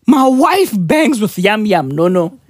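A woman with a South African accent rants casually on her vlog, swearing heavily and using slang. Her medium-pitched voice is sing-song and a little slow, with no room sound.

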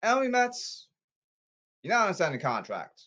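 A man's voice: sits high, wildly swooping pitch, brisk, bright, forceful tone. A man delivering an angry, repetitive rant, scolding and demanding, often stumbling over his words.

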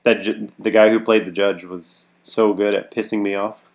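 Male podcast co-host, very low gravelly voice, loose chatty delivery with laughs. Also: little pitch movement, moderate pace. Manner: laughs often, trailing restarts. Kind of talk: casual movie discussion.

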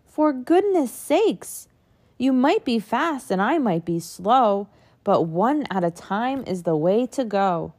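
A woman's voice: a little high, sing-song, slow pace, a little mellow, heavily acted. A woman voicing a small, friendly male pickup truck in a storybook, speaking politely with a cheerful beep in the voice. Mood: firm.

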